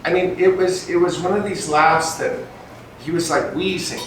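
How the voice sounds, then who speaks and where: An older man holds a live audience with animated stories, his voice sitting fairly high. He sounds distant, in a very echoey hall with faint noise behind him. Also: normal speed. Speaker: speaker at an event. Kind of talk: storytelling talk to a live audience.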